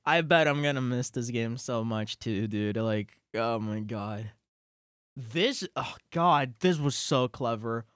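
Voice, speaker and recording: An excitable game streamer giving live-stream commentary, thinking aloud, swearing and laughing between words. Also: mid-range voice, slow, clear, resonant tone, no room sound.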